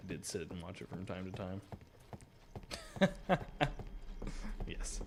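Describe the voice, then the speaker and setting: A man's voice: low-pitched, steady tone, slow, creaky, pauses often, slight background noise. A young man giving casual live gameplay commentary, joking at himself and swearing often. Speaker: streamer.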